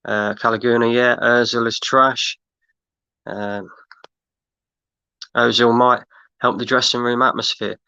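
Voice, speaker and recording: A man's voice: medium pitch, level tone, a little slow, gravelly, long pauses, bright, forceful tone, clear, resonant tone, no echo, highs cut off. A man hosting a fan livestream, ranting in exasperation and repeating himself while he reads out chat comments. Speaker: fan channel host. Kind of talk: livestream rant reading chat.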